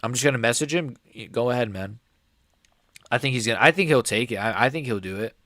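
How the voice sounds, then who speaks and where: A man's voice: mid-range voice, quick pace, bright, forceful tone, dry recording, studio quality. Casual young man rambling fight talk. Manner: rambling, filler-heavy, says "like" and "bro" often. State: voice cracking upward at times. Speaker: host of a live fight reaction stream. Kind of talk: casual live reaction chat.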